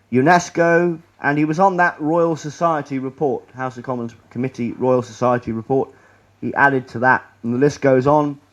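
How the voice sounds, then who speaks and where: A man giving a rambling, sarcastic presentation to an audience in a lecture room, often restarting his sentences. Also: fairly high pitch. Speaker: public speaker.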